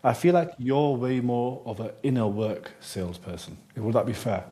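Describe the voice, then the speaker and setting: A man's voice: medium pitch, lively intonation, normal speed, dark tone. A man hosting a podcast interview who asks questions and offers his own take. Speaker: podcast host. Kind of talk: conversational interview.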